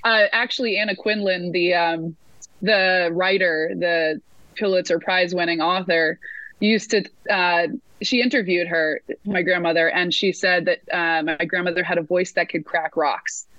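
A woman who works as a sports announcer, telling lively stories in a casual interview, full of fillers and restarts. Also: fairly low pitch, unhurried, no echo, dull audio.

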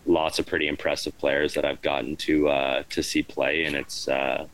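Very deep-voiced laid-back hockey player. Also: male voice, flat delivery, normal speed, fairly bright tone, low-quality recording. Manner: laid-back, rambling, frequent "right?" and "you know". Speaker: professional hockey player, guest. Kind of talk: casual interview answers.

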